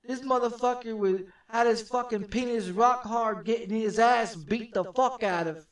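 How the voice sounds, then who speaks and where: A man streaming from his home gaming setup, telling a story in a rambling, profane, repetitive way that turns loud and heated. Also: very high voice, moderate pace. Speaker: game streamer. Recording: echoey room, distant from the mic.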